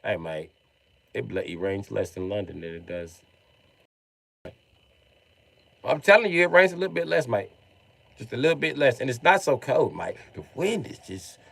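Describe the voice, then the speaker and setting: A man's voice: medium pitch, gravelly. A man putting on a chummy London bloke who tacks "mate" onto every sentence.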